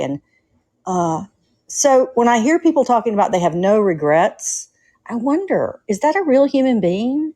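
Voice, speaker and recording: A woman's voice: a little high, animated, moderate pace, dark tone, poor audio. A middle-aged woman with a Southern Atlanta accent, calling in and telling stories in an earnest, chatty way. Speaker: caller. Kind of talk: casual call-in chat.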